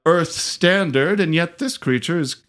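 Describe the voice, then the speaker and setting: A man voicing a pompous, mustached male alien news anchor in a comedy audio drama, formal and deadpan. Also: on the high side, measured pace. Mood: lecturing.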